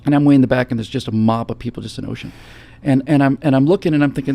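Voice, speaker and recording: A man hosting a casual chat, telling a travel story in an animated way that acts out the scenes. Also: medium pitch, racing, vocal fry, hardly any pauses. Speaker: host.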